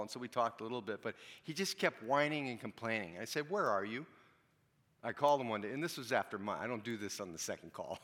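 A man's voice: medium pitch, sharp tone. A man preaching a sermon in a conversational way, asking his listeners questions and telling stories. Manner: conversational, asks the congregation questions. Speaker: pastor. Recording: long hall reverb.

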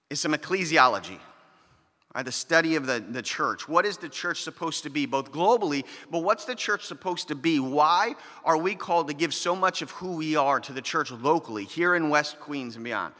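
A man's voice: fairly high pitch, expressive, normal speed, sharp tone. Conversational male pastor in a reverberant hall. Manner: conversational preaching with playful asides. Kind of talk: sermon. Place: church hall.

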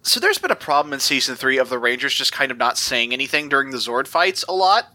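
Very bright-voiced, stammering man. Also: mid-range voice, very animated. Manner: halting, stammering starts. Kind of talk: casual chat.

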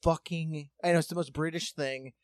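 A man's voice: fairly high pitch, moderate pace, dry recording, clean studio sound. A man telling a long story in casual comedic chat, swearing freely and acting out what others said. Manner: profane, animated, acts out quotes.

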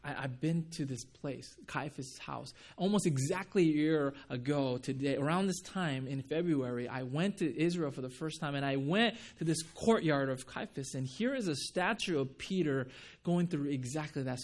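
A man preaching a sermon, telling the story with many restarts and acting out the quoted lines. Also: a little high. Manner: many restarts and repeated words. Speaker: pastor.

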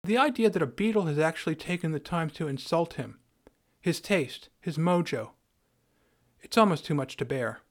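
A man's voice: on the high side, animated, moderate pace. Wry man narrating a podcast story. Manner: wry, dryly humorous. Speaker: podcast host.

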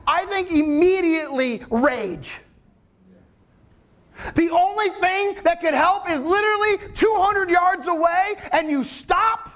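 Man, preacher, sermon, very high voice, animated, casual slang.

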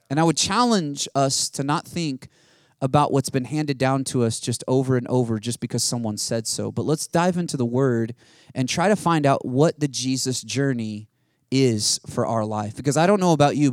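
A man's voice: medium pitch, no room sound, studio quality. A man preaching a sermon, rousing and full of rhetorical questions and call-outs to the congregation. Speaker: pastor.

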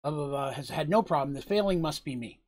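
A man's voice: on the high side, animated, fast. A man voicing a proud, honor-bound young male warrior who insists the failure is his. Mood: insistent. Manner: self-blaming, insistent.

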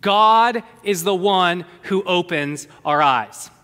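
A man preaching a sermon in a church, animated and conversational with playful asides. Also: high voice, takes it slowly, clear, resonant tone. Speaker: pastor. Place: church sanctuary. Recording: long hall reverb.

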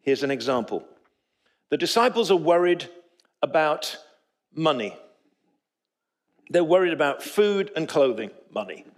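This pastor's fairly high voice is unhurried, with long pauses, as he preaches in a church sanctuary. He tells stories animatedly, performing the voices of the people he describes.

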